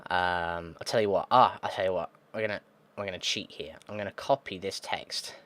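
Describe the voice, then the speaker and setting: The host of a gaming video, a man with a low-pitched, fairly bright voice, talks fairly quickly with fairly even intonation. He reads text game descriptions aloud and reacts by thinking aloud and muttering frustrated, sweary asides.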